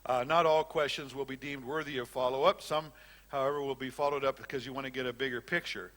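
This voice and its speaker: Bright-voiced older man teaching a class. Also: medium pitch, steady tone, fast talker. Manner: conversational, repeats words and restarts, fillers. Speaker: Bible teacher. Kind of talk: classroom lecture on counseling.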